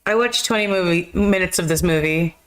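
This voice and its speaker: A woman's voice: lowish voice, brisk. Chatty woman rambling through a movie recap. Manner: rambling, laughing retelling with filler words. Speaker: podcast co-host. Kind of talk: casual movie chat.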